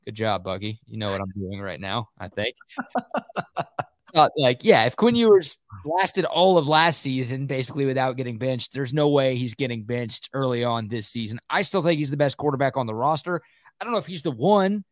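A man's voice: medium pitch, animated, moderate pace, dry recording. Emphatic sports-talk man, dry sound. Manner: opinionated, emphatic. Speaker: co-host of a sports podcast.

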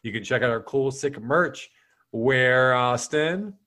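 A man's voice: mid-range voice, slow, pushed and bright. Man, comedy podcast host, playful, mid-range voice, mock-announcer plugs. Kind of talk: casual comedic chat.

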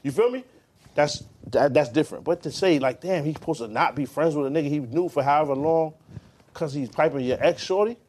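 A young man in casual podcast chat, slangy and animated, laughing often. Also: fairly high pitch, a little fast, a little hiss or hum.

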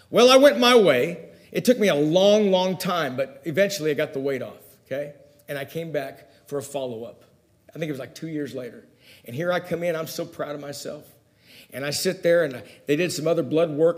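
A man with a high-sitting voice preaches a sermon, telling personal stories and swinging between loud, emphatic lines and hushed asides.

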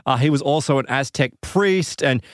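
A man tells a story in casual chat and slips into quoted voices along the way. His pitch sits in the middle of the range. The room sounds dry and close, with no echo. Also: normal speed. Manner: animated, acts out quoted voices, laughs often. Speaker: podcast co-host telling a story.

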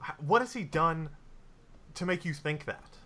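A man playing a laid-back guard, calm and quiet, bright voice, tabletop role-play. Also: a little high, unhurried, pitched above the performer's own voice, exaggerated voice. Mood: puzzled. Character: relaxed laid-back male guard captain.

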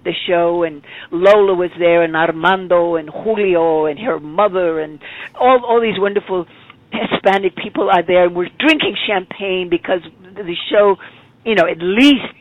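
A woman in her eighties telling stories as an interview guest, animated and acting out the people she quotes. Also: lowish voice, normal speed, no echo. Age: 80s. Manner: animated storyteller, acts out quotes. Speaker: guest performer. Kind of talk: storytelling interview. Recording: phone-like narrow sound.

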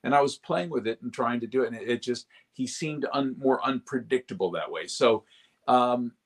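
Speaking at a moderate pace with a medium-pitched voice, a male voice actor appears as a guest in a casual interview. He's animated and moves into character voices as he talks.

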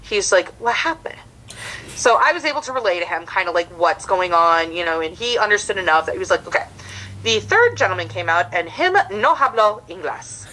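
This young American woman, a comedian appearing as a podcast guest, talks fast in a fairly low voice. She animatedly acts out everyone in her story during the casual chat, and the audio is poor.

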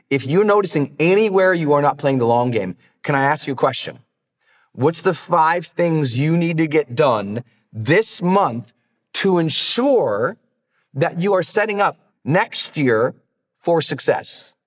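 A man talking as a high performance coach in a motivational podcast, earnest and direct, challenging listeners with warm asides. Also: big-room sound.

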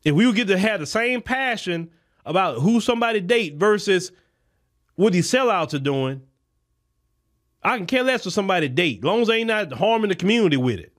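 Impassioned high-voiced man ranting. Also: very animated, a little fast, fairly bright tone. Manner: impassioned, repetitive, preacher-like cadence. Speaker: podcast host. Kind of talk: political commentary monologue. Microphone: podcast microphone.

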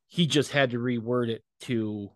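A man hosting a podcast in a relaxed, encouraging way. His voice sits at an ordinary middle pitch and sounds dry and close, with little room sound. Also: measured pace, dry recording. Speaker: podcast host. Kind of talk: casual interview chat.

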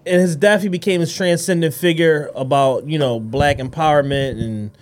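A man's voice: a little high, moderate pace, slight background noise. A man co-hosting a casual podcast, cracking crude jokes in slangy talk. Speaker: podcast co-host.

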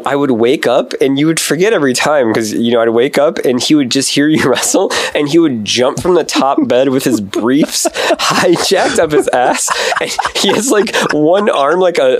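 A man's voice: fairly high pitch, lively intonation, normal speed, a little hiss or hum. A man from Wisconsin telling a rambling, profane story as a podcast guest, full of filler words. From Wisconsin, USA. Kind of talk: casual storytelling.

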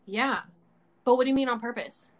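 Excitable young woman, swearing podcast host. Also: fairly high pitch, a little fast. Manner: excitable, swears freely, many filler words. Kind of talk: casual chat.

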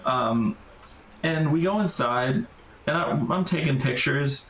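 A man's voice: a little high, slow pace, a bit bright. Man telling a wild story in an echoey room. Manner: rambling, heavy use of "like", swearing. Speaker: podcast guest, urban explorer. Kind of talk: casual storytelling.

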